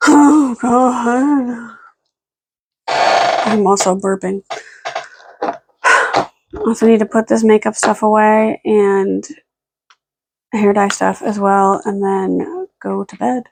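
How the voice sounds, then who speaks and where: A woman's voice: mid-range voice, fairly even intonation, measured pace, long pauses, a little mellow. A young woman rambling casually in a late-night home vlog, frazzled and chatty, cooing baby talk at her dogs in between. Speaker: vlogger.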